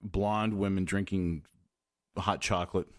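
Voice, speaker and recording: A man hosting a podcast in casual chat, rambling and halting with lots of fillers and restarts. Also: sits low, steady tone. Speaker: podcast host.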